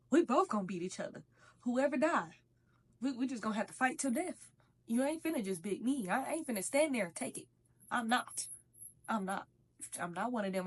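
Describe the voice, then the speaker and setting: A woman's voice: fairly high pitch, breathy edge. A young woman telling a casual storytime while eating, in a slangy, profane, conversational way. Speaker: vlogger.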